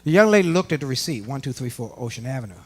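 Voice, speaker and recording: A middle-aged man from Washington giving a live motivational speech to a work audience, animated and folksy, talking straight to the crowd. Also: medium pitch, very fast. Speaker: motivational speaker. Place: conference room before a live audience.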